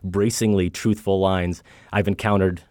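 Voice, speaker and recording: A man's voice: sits low, level tone, measured pace, a little mellow, dry recording, studio quality. A middle-aged man co-hosting a film podcast, talking in a reflective, earnest way about a movie and his own family. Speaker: podcast co-host. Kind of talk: casual film discussion.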